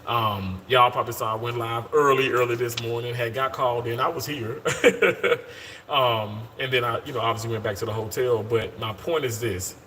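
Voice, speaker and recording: A man's voice: mid-range voice, normal speed, sharp tone, a little hiss or hum. A man in his thirties on a casual live stream, upbeat and talkative, calling viewers y'all and often restarting his sentences. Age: 30s. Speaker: live-streaming surgical worker. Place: hospital.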